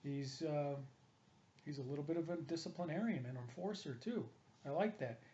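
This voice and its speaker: A man rants on about baseball coaching, combative and repetitive, in a fairly high but mellow voice. He hammers the same points again and again. The audio is dull and lo-fi. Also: moderate pace. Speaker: hitting coach and columnist. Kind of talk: opinionated monologue.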